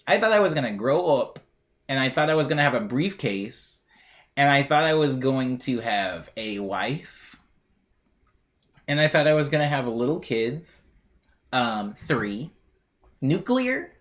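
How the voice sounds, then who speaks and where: A man's voice: medium pitch, fairly bright tone. A young man streaming live, reading chat aloud and rambling in a chatty, jokey way. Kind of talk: casual chat.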